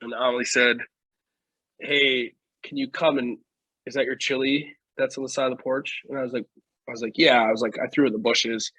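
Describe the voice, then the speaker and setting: Bright, husky-voiced young man telling a story. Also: mid-range voice, flat delivery, a little fast, no echo, low-quality recording. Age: 20s. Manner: laughing, rambling with restarts. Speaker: podcast co-host. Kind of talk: casual storytelling.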